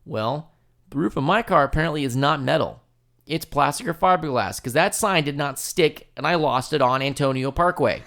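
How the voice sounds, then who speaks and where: Animated profane man telling a story. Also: on the high side, a little fast. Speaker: podcast host. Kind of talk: casual storytelling.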